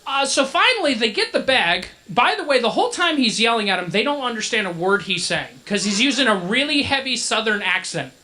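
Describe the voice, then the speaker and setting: Bright-sounding guy mc'ing a costume show, jokey rambly story on the mic. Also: extremely high pitch, very animated, brisk, few pauses. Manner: joking, chatty filler banter. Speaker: masquerade emcee. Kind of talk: live emcee storytelling. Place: convention event hall. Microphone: handheld microphone.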